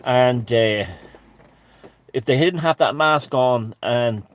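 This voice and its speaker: A man's voice: mid-range voice, slow. Rambling man telling a story. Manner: rambling, many restarts and asides; wry and self-mocking. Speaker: channel host. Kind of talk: casual storytelling monologue.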